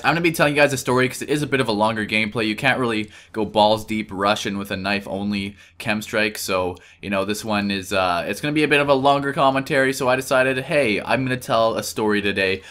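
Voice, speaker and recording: Young male commentator, lowish pitch with a bright edge, rambling and self-correcting as he tells a story. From Canada. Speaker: gameplay commentator. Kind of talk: casual storytelling over gameplay.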